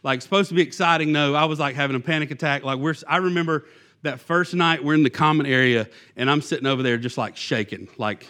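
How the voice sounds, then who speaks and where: A man's voice: fairly high pitch, quick pace, pushed and bright. A man who is a youth pastor, giving a sermon in a conversational, self-deprecating way, with many fillers and restarts.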